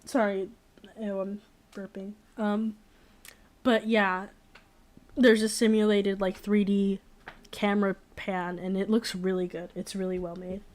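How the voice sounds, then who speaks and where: A young woman talks casually at a middle pitch, wandering through her thoughts with plenty of fillers and restarts. She is blunt and opinionated about what she likes and doesn't. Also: flat delivery, measured pace, long pauses, darkish tone. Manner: rambling, frequent fillers and restarts. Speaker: streamer. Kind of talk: casual chat.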